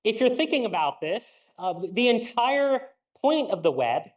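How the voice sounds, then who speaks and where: Young male lecturer, high voice, casual and halting, classroom lecture. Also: big pitch swings, poor audio. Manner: casual, lots of fillers and restarts. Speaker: university lecturer. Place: lecture hall.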